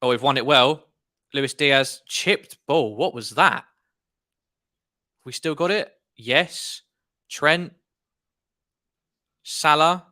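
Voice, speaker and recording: Exasperated man with a bright, forceful voice. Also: on the high side, takes it slowly, pauses often. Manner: animated, exasperated fan commentary. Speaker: football watchalong host. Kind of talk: live match reaction commentary.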